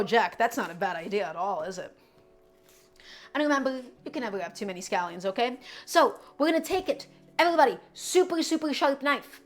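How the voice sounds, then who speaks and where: A young woman chatting upbeat as she demonstrates a recipe on a cooking live stream and answers her viewers. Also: a little high.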